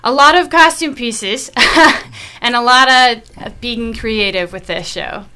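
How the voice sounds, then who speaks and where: Woman, theater costumer, guest in a casual interview, short affirming replies, bright clear voice. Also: on the high side, slow pace.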